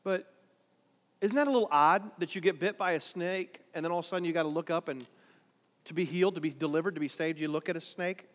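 High-voiced preacher in a reverberant hall. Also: male voice, fast. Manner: dramatic, swings from quiet to loud. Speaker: pastor. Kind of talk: sermon.

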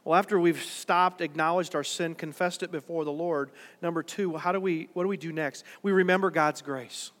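A man's voice: on the high side, steady tone, normal speed, hardly any pauses, a bit bright, big-room sound. A man preaching a sermon in a church worship center, conversational and then emphatic. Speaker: pastor.

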